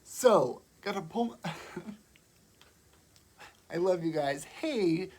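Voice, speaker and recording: A woman's voice: fairly low pitch, expressive, slow, darkish tone. A woman with a cold on a casual livestream from home, sounding congested and fighting back tears as she talks. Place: home, indoors. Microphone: phone or webcam on a live video.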